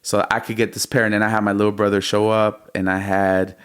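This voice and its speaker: A man in his thirties, a music producer and podcast guest, telling his story in a lively, slangy way and calling the host bro. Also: on the low side, a little fast, smooth. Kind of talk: casual storytelling interview.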